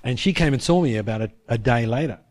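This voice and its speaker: A school chaplain, telling a personal story in an animated, self-deprecating way. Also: male voice, medium pitch, fast talker. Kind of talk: storytelling testimony.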